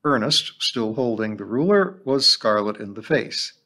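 Man, audiobook narration, mid pitch, measured storytelling. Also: animated, pushed and bright. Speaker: audiobook reader.

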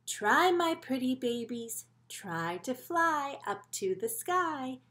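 A woman's voice: sits high, big pitch swings, a bit bright, echoey room, pitched above the performer's own voice, heavily acted. A woman playing a proud, doting mother bird. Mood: tender. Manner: slow, sing-song, tender.

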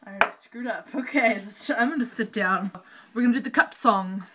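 A woman's voice: on the high side, fairly quick, heavy background noise. A young woman chatting casually with her sister at home, playful and a little bossy as she directs each take. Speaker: vlogger introducing the video. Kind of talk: casual chat between sisters.

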